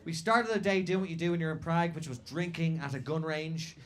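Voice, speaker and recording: Brash, profane comedian. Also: male voice, a little high, brisk. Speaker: stand-up comedian. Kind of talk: stand-up storytelling. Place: comedy venue stage. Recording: stand-up set with loud crowd laughter. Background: audience laughter.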